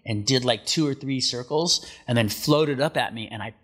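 Husky-voiced man telling a wild story. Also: mid-range voice, normal speed. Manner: animated storyteller, acts out quotes, many filler likes. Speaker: guest, surfer. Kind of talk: casual storytelling.

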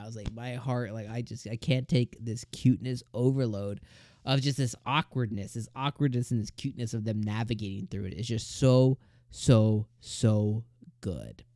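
A man hosting a casual anime episode review, talking in an excited, rambling way with plenty of fillers. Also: mid-range voice, dry recording, studio quality.

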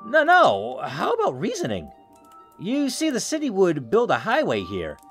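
Brief: eager young collector, formal and polite, a touch raised and gravelly, voiced by a man. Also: high-pitched, wildly swooping pitch, moderate pace, fairly bright tone, soft background music, voice pushed up, heavily acted. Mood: courteous. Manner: politely persuasive, overly formal. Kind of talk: voicing game dialogue.

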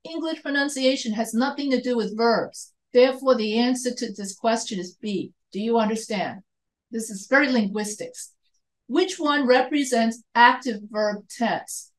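A woman's voice: on the high side, poor audio. An American woman teaching an online grammar lecture, explaining step by step, repeating points and correcting herself. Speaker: writing instructor.

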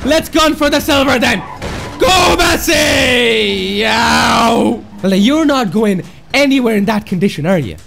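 Man, gameplay commentary, high voice swinging up and down, slow talk, exasperated, self-mocking. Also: animated, music in the background.

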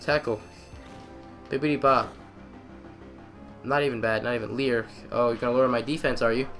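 A young man giving excitable let's-play commentary, trash-talking the game and repeating phrases in quick bursts. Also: medium pitch, soft background music. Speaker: gamer.

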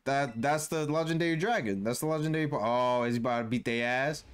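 A man's voice: mid-range voice, quick pace, clear, resonant tone. A young man giving casual, slang-heavy commentary on a game he is playing. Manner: casual, playful slang, voices characters in fun. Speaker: gaming YouTuber.

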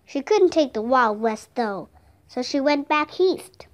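A woman's voice: sits high, lively intonation, measured pace. A woman reading as a friendly old-west cowboy. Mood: easygoing. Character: gruff friendly adult cowboy man.

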